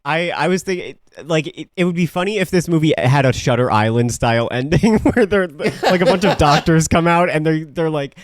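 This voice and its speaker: A man co-hosting a podcast, joking about a film and quick to laugh. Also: a little high, expressive, dry recording, clean studio sound. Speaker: podcast co-host. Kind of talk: casual comedic film review.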